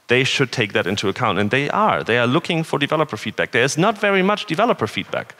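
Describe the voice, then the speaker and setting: A man's voice: medium pitch, very animated, fast, few pauses, bright, forceful tone. A man from northern Germany giving a conversational, earnest conference talk with rhetorical questions. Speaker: conference speaker. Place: conference hall. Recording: reverberant hall.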